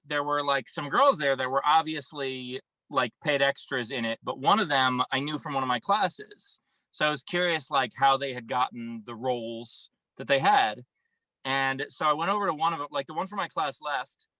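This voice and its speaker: Male chatter, dry jokes, very bright voice, close dry recording. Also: medium pitch, no echo, rough recording. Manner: rambling anecdote, dry jokes. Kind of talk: casual chat on a video call.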